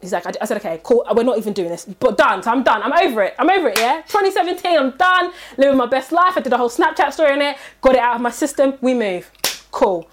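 A woman tells a story in casual chat, fast and slightly high. She acts out the other people with lively quoted voices. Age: 30s.

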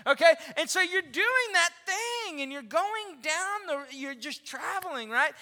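A pastor in his forties giving an animated, conversational sermon and asking the congregation questions. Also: very high voice, unhurried. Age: 40s. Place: church auditorium. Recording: reverberant hall.

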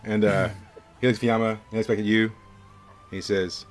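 A man's voice: fairly low pitch, level tone, a little fast, soft background music. A young man narrating as game master of a tabletop game, rambling with lots of fillers.

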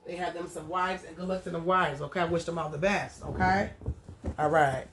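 A woman's voice: fairly low pitch, steady tone, a little fast, a bit bright, slight background noise. A woman hosting a podcast, talking in a loose, rambling monologue full of casual asides and repeated "you know what I'm saying.". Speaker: podcast host.

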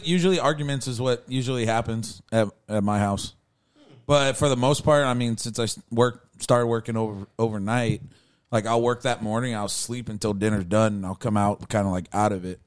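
A man chatting casually in a group, easygoing and rambling. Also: moderate pace. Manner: easygoing, rambling, low-key.

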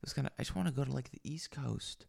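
A man's voice: medium pitch, fast, vocal fry, a little mellow. A man talking alone into a microphone on a stand in a small home room, rambling and crude, with many fillers and restarts. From lives in Los Angeles. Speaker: solo podcaster. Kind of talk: rambling solo monologue.

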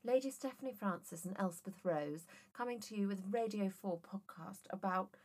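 A woman's voice: medium pitch, moderate pace, husky. A woman co-hosting a casual podcast chat, telling jokey stories with plenty of swearing. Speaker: podcast co-host.

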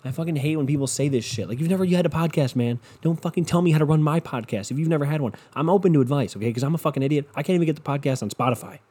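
A hoarse young man hosting a solo podcast from his bedroom on one microphone, ranting and swearing constantly. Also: fairly high pitch, racing, few pauses, warm tone. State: voice worn and hoarse. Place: his bedroom at his parents' house. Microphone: single home podcast microphone.

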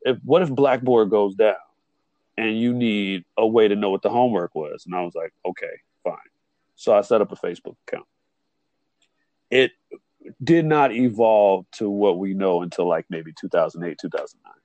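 Animated low-voiced man telling a story. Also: moderate pace, dry recording, highs cut off. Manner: animated, acts out quotes with jumps in pitch. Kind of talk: casual storytelling chat.

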